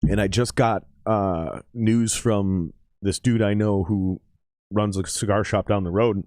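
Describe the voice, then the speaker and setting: A man's voice: on the low side, fairly even intonation, measured pace, a little mellow, dry recording, clean studio sound. A man in his forties giving casual, profane live-stream commentary on a football game and chatting with his viewers.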